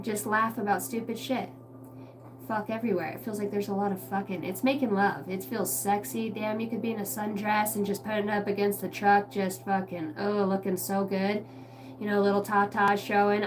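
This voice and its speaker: A woman's voice: mid-range voice, a little hiss or hum. Blunt, profane woman reading tarot. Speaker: tarot card reader. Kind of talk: casual livestream reading.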